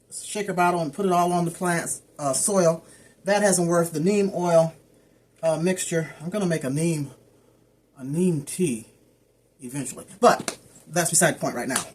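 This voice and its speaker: A woman's voice: on the low side, a little mellow. A woman chatting casually as she shows her house plants, wandering off topic and stumbling over plant names. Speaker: plant care vlogger. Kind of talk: casual how-to chat.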